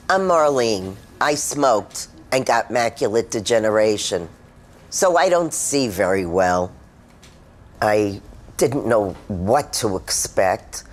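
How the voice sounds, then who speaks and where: Slow-spoken woman recounting her story. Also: rumbling low, expressive. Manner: candid, emotional storytelling. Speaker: former smoker giving testimony. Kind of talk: personal testimonial.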